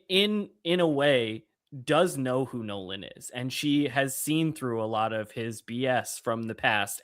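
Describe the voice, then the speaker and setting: A man on a podcast casually retelling a show scene, quoting its lines as he goes. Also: medium pitch. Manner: animated retelling, quoting characters. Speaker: podcast host. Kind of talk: casual episode breakdown.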